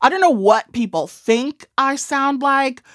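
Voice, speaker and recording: A woman's voice: high-pitched, expressive, measured pace, fairly bright tone, no room sound, studio quality. A woman in her forties with a Midwestern accent, an author chatting in a wry, self-deprecating way. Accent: Midwestern American. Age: 40s. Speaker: author and comedian. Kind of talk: casual interview chat.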